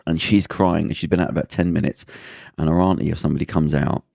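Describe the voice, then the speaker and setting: Gravelly man telling a story. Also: very deep voice, quick pace, no echo, studio quality. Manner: lively, acts out the people in his stories. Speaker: podcast co-host. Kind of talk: casual storytelling anecdote.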